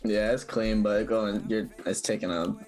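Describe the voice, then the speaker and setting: A man's voice: lowish voice, fairly even intonation, moderate pace, darkish tone. A man co-hosting a trading stream, joking and bantering playfully with friends. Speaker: co-host trader. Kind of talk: casual banter.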